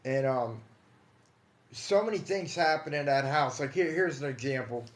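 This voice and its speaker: A man casually telling his own paranormal experiences on a livestream, calling his listeners guys and dude, hushed in some stretches and emphatic in others. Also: mid-range voice, expressive, normal speed. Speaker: paranormal storyteller. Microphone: phone or computer mic on a livestream. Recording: echoey room.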